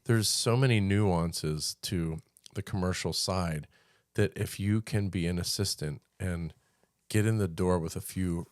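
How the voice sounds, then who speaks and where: A man with a very deep voice chats in a relaxed, hesitant way, pausing with fillers as he hunts for the right words. The recording is close and dry. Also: dry recording. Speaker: commercial photographer, co-host. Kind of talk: casual conversation.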